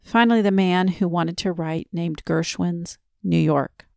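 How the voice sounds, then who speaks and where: Bedtime story reader, soft and slow, lower woman's voice with fry. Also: dry recording, clean studio sound. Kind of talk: slow quiet sleep story narration.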